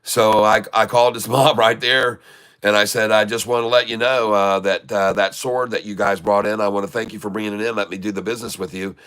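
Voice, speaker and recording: A man's voice: on the low side, steady tone, brisk, a bit bright, clean tone. A middle-aged man casually telling rambling anecdotes, acting out quoted dialogue and laughing as he goes. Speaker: trading channel host. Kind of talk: casual storytelling.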